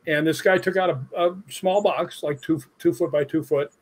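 Middle-aged man, husky and slightly high, lively anecdotal storyteller. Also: moderate pace. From Chicago, USA. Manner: animated anecdotes with acted-out quotes. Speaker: stuntman guest. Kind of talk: casual storytelling interview.

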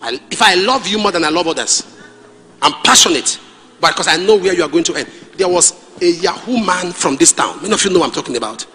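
A middle-aged Nigerian man preaching a sermon, animated and storytelling, with pidgin asides. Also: high voice, fast talker, long reverb tail. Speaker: pastor.

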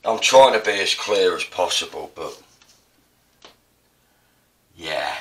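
A man from Essex in South East England speaks in a low, animated voice with a fairly bright tone, taking his time, recorded on a distant mic. He chats casually while demonstrating printmaking, rambling, poking fun at himself and wandering off on tangents in a relaxed tutorial narration.

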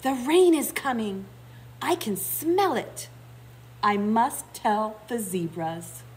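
A woman voicing an alert little porcupine in a storybook read-aloud, urgent and bright. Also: fairly high pitch, animated, slow pace, a little hiss or hum, poor audio.

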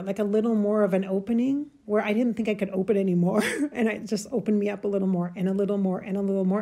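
Soft husky woman recounting a spiritual experience. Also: medium pitch. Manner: emotional, halting, searching for words. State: choked up. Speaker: spiritual channel host. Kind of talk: personal spiritual storytelling.

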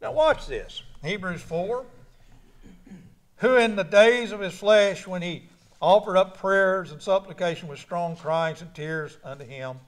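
A man preaching a sermon in a church, folksy, moving from quiet asides to loud exhortation. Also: sits high, measured pace. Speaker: pastor.

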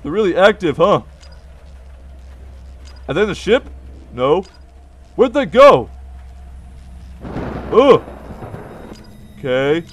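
A man's voice: high-pitched, sing-song, slow pace, long pauses. A man hosting a gameplay video who gets startled easily and laughs at himself as he plays. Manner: jumpy, easily startled, giggly. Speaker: let's play host. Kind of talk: gameplay commentary.

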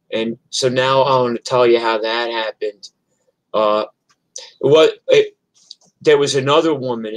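A man's voice: mid-range voice, no echo, low-quality recording. An older man from New York telling rambling, profane stories in casual chat on a livestream. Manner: rambling, profane, chatty with restarts. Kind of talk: casual storytelling.

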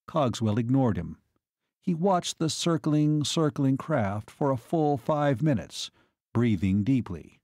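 A man narrating an audiobook in a measured, even storytelling manner, on a close studio mic. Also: mid-range voice, dry recording. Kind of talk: scripted narration.

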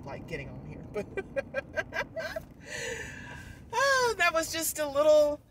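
A woman vlogging candidly outdoors, her voice lively and rising and falling a lot as she rambles through her thoughts with sighs and fillers. She sits a little way from the mic, and loud traffic rumbles behind her. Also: takes it slowly, distant mic. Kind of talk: candid personal vlog rant.

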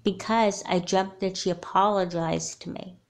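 A woman's voice: fairly low pitch, fairly even intonation, normal speed, natural voice. A woman voicing a wary, earnest young girl doll in a homemade doll movie, who speaks bluntly.

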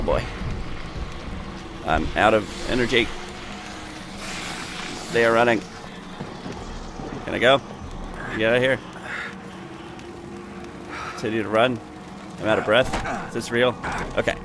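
Gravelly man doing let's play commentary. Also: medium pitch, unhurried, long pauses, over music. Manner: wry, chatty, talks to the game characters. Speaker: gameplay commentator.

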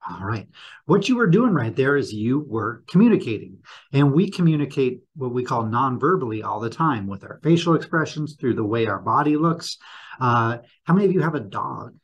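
A husky man speaks to students over the school announcements, posing quiz questions and walking through the answers. His voice is slightly rough, and his pitch sits in an ordinary middle range. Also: very animated, normal speed. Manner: upbeat, quizzing the audience with questions. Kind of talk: morning announcement lesson for students.

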